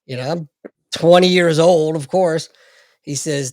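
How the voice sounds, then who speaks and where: A man's voice: fairly high pitch, measured pace, darkish tone, dry recording, clean studio sound. Sheepish man chuckling through a story. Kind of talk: casual chat.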